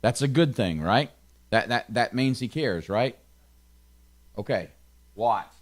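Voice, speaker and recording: Male pastor, Tennessee accent, mid pitch, relaxed conversational Bible teaching, quick asides. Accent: Southern US, Tennessee. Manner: chatty, checks in with listeners, quick asides.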